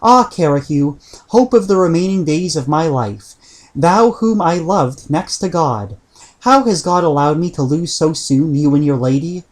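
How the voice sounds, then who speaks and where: A man's voice: on the high side, expressive, unhurried. A man voicing a grieving medieval Danish knight in an audiobook reading, with solemn, old-fashioned speech. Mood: grieving prayer. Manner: archaic, solemn prayerful speech.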